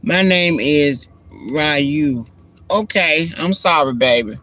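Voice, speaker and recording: A woman's voice: deep voice, takes it slowly, a bit bright. A woman hosting a casual live stream from inside her car, chatting in a folksy way to viewers on a handheld phone. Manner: chatty and folksy, calls viewers girl and honey. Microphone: handheld phone camera.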